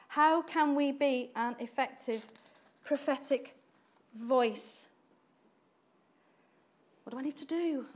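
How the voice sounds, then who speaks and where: A woman preaching a sermon in an animated way, acting out quoted voices and laughing often. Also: high voice, takes it slowly, long pauses.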